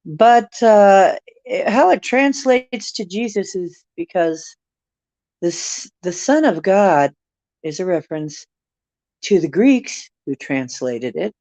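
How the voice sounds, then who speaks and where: A woman's voice: medium pitch, expressive, takes it slowly, warm tone, no room sound. A woman hosting a casual livestream, musing and rambling while she answers viewer comments. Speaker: livestream host reading viewer chat.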